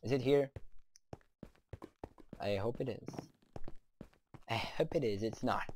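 A young man doing let's play commentary, excitable, talking to the creatures in his game and cursing now and then. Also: mid-range voice, slow, slight background noise. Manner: excitable, talks to the game's creatures, curses.

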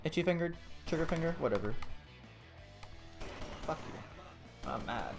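A man playing a video game and commenting as he goes, swearing constantly and breaking into loud outbursts. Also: on the high side, lively intonation, unhurried, vocal fry, over music. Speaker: gaming video creator.

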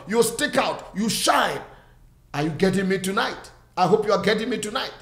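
A man's voice: high-pitched, lively intonation, moderate pace, a bit bright. A man preaching a sermon, emphatic and repetitive, speaking straight to his listeners and urging them to repeat after him. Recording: roomy echo.

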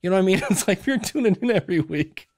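A man chatting on a podcast, his voice sitting a bit high as he bounces through anecdotes. He acts out little quoted exchanges with energy. The sound is dry and close. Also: fast, no echo. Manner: animated storyteller acting out quotes. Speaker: podcast guest and coach. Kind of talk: casual podcast chat.

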